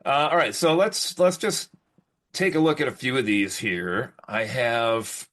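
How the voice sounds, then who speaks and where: A man's voice: medium pitch, measured pace, fairly bright tone. A man co-hosting a podcast in casual chat, rambling and restarting often. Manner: rambling, with many fillers and restarts. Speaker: podcast host.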